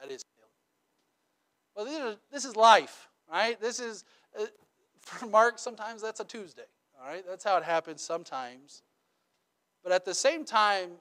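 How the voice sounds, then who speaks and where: A man's voice: sits high, moderate pace, long pauses. A man preaching a sermon in a casual, conversational way, often checking in with "right?" and telling stories with humor. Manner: conversational, checks in with rhetorical questions; animated storytelling with humor. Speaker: pastor.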